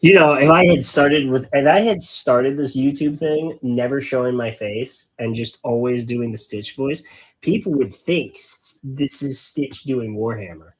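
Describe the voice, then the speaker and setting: A man's voice: medium pitch, a little slow, slightly rough, low-quality recording. A man hosting a casual hobby stream while painting miniatures, rambling and wordy, making fun of himself. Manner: wordy, rambling, self-mocking. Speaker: host.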